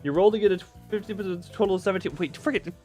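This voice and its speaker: A man streaming a game, rambling excitably as he reads the story and rolls dice for his chat. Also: high-pitched, racing, faint music behind.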